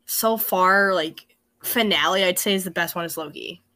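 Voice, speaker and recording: A woman guest on a casual podcast, talking in animated, fast rants packed with "like". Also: on the low side. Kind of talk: casual chat.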